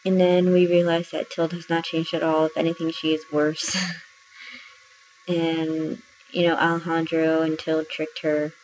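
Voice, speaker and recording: A woman's voice: low-pitched, completely flat delivery, moderate pace, a little mellow. Chatty woman on dull lo-fi audio. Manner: chatty, retells scenes with lots of "she's like" and fillers. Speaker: book reviewer. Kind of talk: casual book review chat. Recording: dull lo-fi audio with faint noise.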